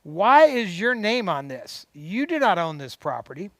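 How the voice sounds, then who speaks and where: A man reading aloud and voicing a middle-aged actress confronting her husband in sharp, accusing tones. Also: high voice, expressive, moderate pace, dry recording, clean studio sound. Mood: indignant.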